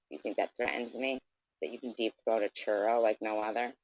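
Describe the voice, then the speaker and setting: A man's voice: lowish voice, steady tone, a little fast, no echo. A man delivering an aggressive, profane, taunting rant straight at his camera. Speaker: vlogger. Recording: dull lo-fi dry sound.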